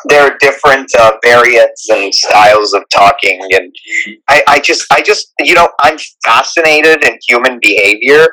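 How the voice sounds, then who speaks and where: A man with a Persian accent chats casually in a live audio room. He rambles earnestly and restarts his sentences often. His voice has a bright, forward tone. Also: medium pitch, moderate pace, rough recording. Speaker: guest speaker.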